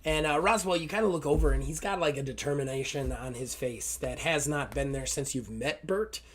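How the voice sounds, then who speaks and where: A man's voice: a little high, brisk, a little hiss or hum. A man narrating as game master, loose and rambling, with plenty of fillers and casual swearing.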